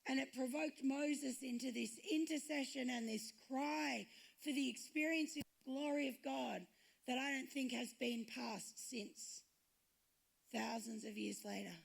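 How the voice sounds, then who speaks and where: A woman's voice: high-pitched, steady tone, unhurried, gravelly, husky. A woman pastor preaching a sermon, retelling stories and acting out the quoted lines.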